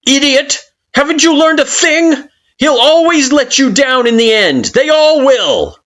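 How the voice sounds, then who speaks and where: A man voicing a furious, vengeful child spirit who shouts with scathing scorn. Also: very high-pitched, sing-song, unhurried, voice pushed up, heavily acted. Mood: raging.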